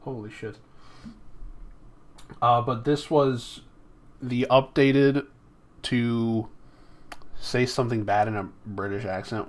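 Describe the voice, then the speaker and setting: A man's voice: medium pitch, fairly even intonation, takes it slowly, long pauses. A man hosting his album release live stream, chatting casually with viewers, rambling and swearing freely into a close desktop mic.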